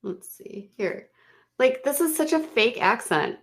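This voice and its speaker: A woman's voice: a little high, lively intonation, unhurried, a bit bright. A woman giving casual, snarky, exasperated commentary on a livestream.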